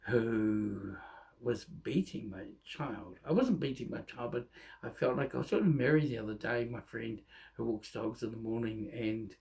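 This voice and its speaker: A middle-aged man telling his own life story in a candid, halting way, often restarting his sentences. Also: mid-range voice, gravelly, a little mellow. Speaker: vlogger. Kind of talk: personal storytelling monologue.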